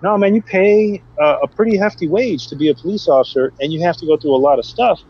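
A middle-aged man and former police officer, chatting on a podcast and telling animated stories about the job. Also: quick pace, slight background noise. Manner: animated storytelling, acts out quotes in a high voice. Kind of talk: casual podcast chat. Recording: dull, dry podcast audio.

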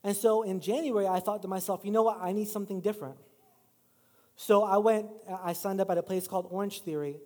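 High-voiced pastor preaching in a reverberant hall. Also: male voice, steady tone, quick pace, a little mellow. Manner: casual, self-deprecating storytelling with rising preaching emphasis. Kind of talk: sermon. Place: church sanctuary.

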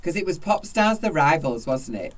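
A man co-hosting a chat, expressive and dramatic, with loud laughs. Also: on the high side, normal speed, distant mic. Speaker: co-host, drag performer. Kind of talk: casual chat.

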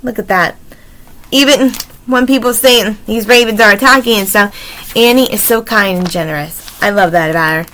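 A woman reading a children's chapter book aloud, expressive, adding her own warm asides. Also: mid-range voice, normal speed, a little hiss or hum, rough recording. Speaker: storybook reader.

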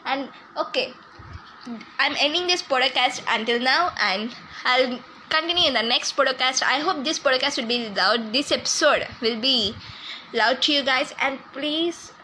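A woman's voice: high-pitched, measured pace, pushed and bright, a little hiss or hum, rough recording. A woman hosting a casual podcast, rambling with many restarts as she signs off. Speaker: podcast host.

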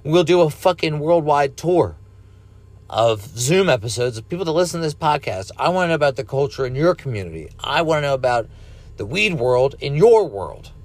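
Speaking with a fairly high, sing-song voice at a slightly quick clip, this American podcast host in his thirties rambles through a relaxed solo monologue, cursing without restraint. The recording sounds dry.

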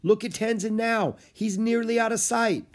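A man's voice: sits high, normal speed, voice pushed up, close to an everyday voice. A man voicing an eager little girl. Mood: excited. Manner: excited, exclaiming. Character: bright eager young girl, animal lover.

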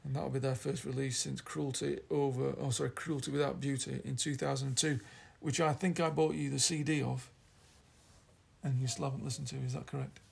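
Man, Yorkshire accent, podcast co-host, gravelly fry, rambling teasing chat. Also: mid-range voice, little pitch movement, brisk. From Yorkshire, England. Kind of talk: casual chat.

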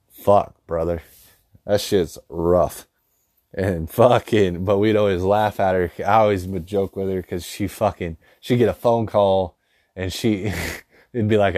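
A man with a fairly low voice tells crude, rambling stories, swearing in nearly every line. He talks loosely and casually, and the recording is dry and close with no room echo. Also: darkish tone. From rural dairy farm upbringing. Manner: profane, rambling, laughs at own stories. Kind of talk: casual comedic storytelling.

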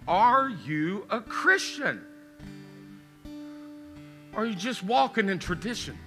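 A middle-aged male pastor preaching a sermon and making an altar call, pleading with repeated questions and rising to loud calls in a church. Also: fairly high pitch. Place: church sanctuary.

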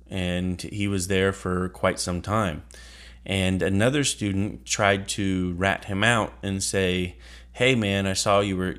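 A man hosting a podcast, a teacher telling a school anecdote in a relaxed, halting way. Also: low-pitched.

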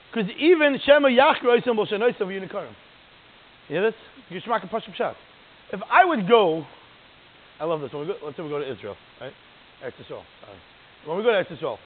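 A man giving a lively, digressive lecture as a religious teacher, often checking in with "right?". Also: high voice. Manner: animated, digressive, keeps asking "right?". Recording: tinny phone-like line.

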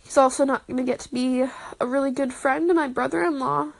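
A young woman with a slightly high voice talks into her phone, recording a personal audio diary. She sounds emotional and halting, sighing and breaking off mid-sentence as she tells her story. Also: fairly even intonation, gravelly. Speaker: podcaster.

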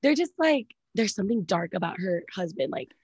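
A woman co-hosting a casual celebrity gossip chat, animated and full of "like", acting out quoted reactions. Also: medium pitch, a little fast, slightly rough, no echo, muffled recording. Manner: animated, says "like" a lot, acts out quoted reactions. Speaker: podcast co-host.

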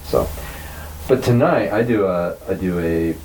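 Deep-voiced man rambling self-deprecatingly. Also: measured pace, a little mellow, slight background noise, low-quality recording. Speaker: podcast co-host. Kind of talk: casual chat.

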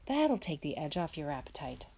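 A woman's voice: low-pitched, big pitch swings, moderate pace, gravelly, darkish tone, breathy edge, full character voice. A woman voicing a firm farmer father. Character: firm, practical farmer father, steady and calm.

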